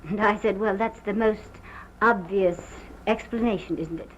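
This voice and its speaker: An actress playing a distraught woman who haltingly recounts a violent night, in early sound-film acting on a muffled old film recording. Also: medium pitch, a little hiss or hum, close to an everyday voice. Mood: strained. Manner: halting, hesitant, breaks off.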